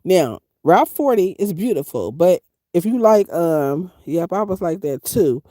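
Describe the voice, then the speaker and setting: A woman's voice: on the low side, a little slow, no echo, studio quality. A middle-aged woman live-streaming from inside her van, chatting casually and reading viewer comments aloud. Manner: animated, chatty, reads chat aloud, Southern Black vernacular grammar. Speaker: van-dwelling travel vlogger.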